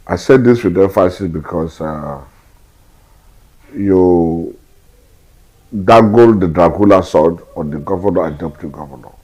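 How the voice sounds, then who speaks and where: A Nigerian-accented man speaks in a deep, husky voice. He argues hard, piling up rhetorical questions and hammering the same point again and again. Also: normal speed, muffled recording. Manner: forceful, repetitive rhetorical questions. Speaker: political commentator. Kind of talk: emphatic political commentary.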